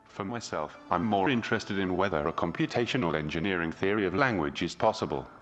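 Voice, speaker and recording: A man's voice: low-pitched, a little fast, a bit bright, in a large hall, highs cut off, soft background music. A synthesized male text-to-speech voice reading a short scripted greeting, with stress falling on the wrong words.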